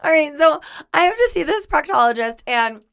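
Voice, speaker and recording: A woman's voice: high voice, big pitch swings, moderate pace, vocal fry, fairly bright tone. A young woman co-hosting a podcast, telling a long comedic story in a rambling way full of fillers and laughter. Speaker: podcast co-host.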